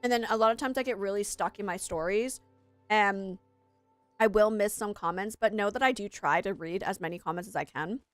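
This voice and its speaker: A woman's voice: medium pitch, fairly quick, no echo, faint music behind. A woman streamer chatting on a live gaming stream, rambling and self-deprecating, who also works as an English teacher.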